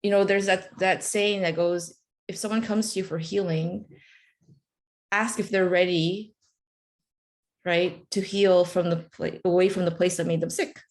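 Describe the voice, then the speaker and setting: Chatty woman with a low voice on a video call. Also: fairly even intonation, a little slow. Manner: chatty, with many fillers and restarts. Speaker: webinar speaker. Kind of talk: casual storytelling in a motivational webinar.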